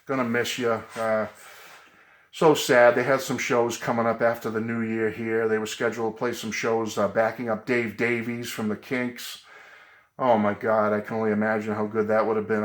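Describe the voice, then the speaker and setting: A man's voice: fairly low pitch, flat delivery, fairly quick, echoey room. A middle-aged man talking casually and earnestly to his viewers from his music room at home. He rambles a little, with frequent ums and uhs. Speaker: vlogger. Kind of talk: casual tribute vlog.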